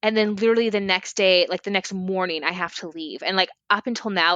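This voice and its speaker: A woman guest on a podcast telling a personal story in a candid, expressive way, often saying "like". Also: medium pitch, a little fast, dry recording, lo-fi sound. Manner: candid, expressive, fills speech with "like".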